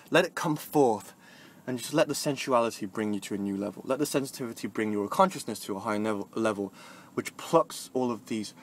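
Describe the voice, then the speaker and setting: Sweary rambling young man with a phone. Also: mid-range voice. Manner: swings between soft mumbling and loud sung or shouted bursts, swears freely. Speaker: vlogger. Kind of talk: rambling motivational monologue. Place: moving vehicle, talking to a phone.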